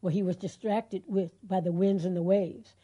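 A woman's voice: fairly low pitch, fairly even intonation, normal speed, warm tone, breathy edge, dull audio. A middle-aged woman co-hosting a Christian call-in radio show, talking earnestly and encouragingly. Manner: earnest, encouraging, laughs easily. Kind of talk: faith talk radio chat.

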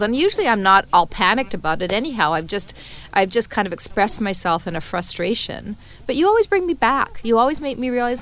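A woman's voice: medium pitch, fairly bright tone. A middle-aged woman co-hosting a podcast, talking earnestly in casual heartfelt chat, often restarting her sentences. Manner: earnest, restarts and repeats words. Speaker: podcast co-host.

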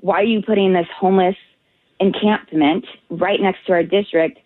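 A woman correspondent phoned in to a radio show, speaking indignantly and with emphasis in a fast flow. Her voice comes over a tinny, dry phone line and sits in a middle pitch. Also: steady tone, dry recording.

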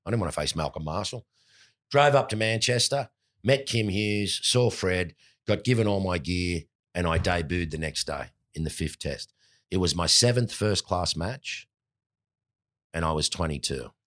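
A man in his sixties with an Australian accent, a former cricketer telling lively anecdotes in an interview. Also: low voice, normal speed. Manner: animated anecdotes, mimics voices in quotes. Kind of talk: storytelling interview.

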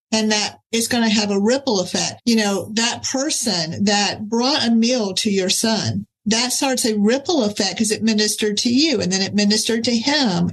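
A woman hosting an interview, who reflects on her guest's words in a measured, encouraging way. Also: mid-range voice, rough recording. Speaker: host. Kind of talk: conversational interview.

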